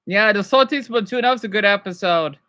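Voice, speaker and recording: A woman's voice: medium pitch, a little fast, bright, forceful tone. A woman streamer chatting casually over clips, rambling with many restarts.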